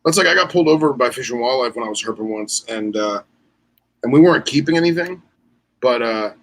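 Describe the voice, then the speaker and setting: Bright-voiced man telling animated stories. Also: mid-range voice, brisk, low-quality recording. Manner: animated storyteller acting out quoted dialogue; loose, with many fillers and restarts. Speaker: podcast co-host. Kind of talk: casual chat.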